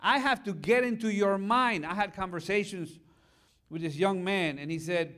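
A middle-aged male pastor giving a lively conference talk, chatting with the audience and asking them questions. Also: high-pitched, normal speed. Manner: animated, conversational, asks the audience questions.

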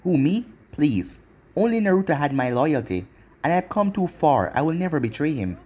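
A man's voice: on the high side, very animated, normal speed, mellow. A man voicing a cocky young male ninja fighter in a fan-made story reading, with a mocking, taunting delivery. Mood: calm.

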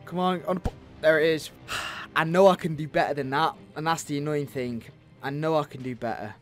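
A man's voice: fairly high pitch, brisk, faint music behind. A man co-hosting a gaming video, cocky and hyped, swearing as he commentates. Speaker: gaming co-host. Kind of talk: live gameplay commentary.

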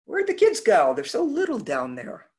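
A woman's voice: medium pitch, wildly swooping pitch, moderate pace, darkish tone, voice pushed up. A woman briefly voicing a seven-year-old girl patient, speaking in the child's words. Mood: amazed.

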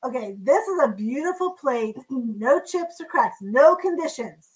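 A woman's voice: high-pitched, lively intonation, a little slow, rough recording. A woman hosting a live online auction in a chatty, casual way, describing items and counting down bids. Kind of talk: casual live-stream selling.

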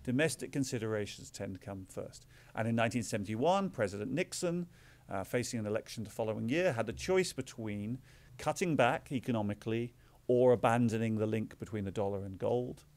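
A man's voice: lowish voice, brisk, darkish tone. A middle-aged Englishman giving a public talk as a visiting author, explaining with dry, self-deprecating asides. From England. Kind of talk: public lecture.

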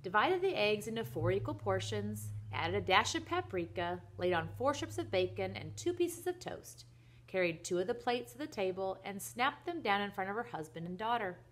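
A young woman reading a children's book aloud in a soft, gentle voice that at times drops almost to a whisper. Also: mid-range voice, sing-song, normal speed. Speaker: reader to children.

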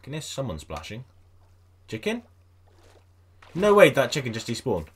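A man giving casual let's-play commentary on a game, chatting to his viewers and coaxing animals along in a high sing-song voice. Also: wildly swooping pitch, quick pace, slightly rough. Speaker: gaming video host.

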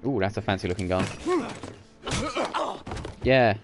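Man, gaming commentary, low-ish voice, playful silly jokes. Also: unhurried, noisy background. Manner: jokey, silly asides. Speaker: let's play host.

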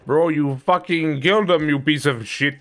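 A man's voice: fairly high pitch, moderate pace. A man streaming a shooter game, swearing and complaining about his health as enemies kill him. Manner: frustrated, swearing, yelling at the game. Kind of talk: casual gameplay commentary.

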